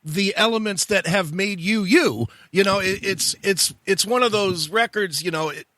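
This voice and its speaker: A man's voice: high voice, normal speed, pushed and bright, dry recording. A man hosting a radio show interview, talking in an effusive, admiring way.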